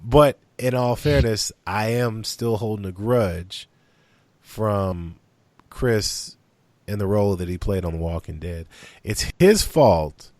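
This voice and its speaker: A man's voice: on the low side, slow pace, dry recording. A man co-hosting a casual podcast chat, talking in a laid-back, teasing way. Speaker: podcast co-host. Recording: dry.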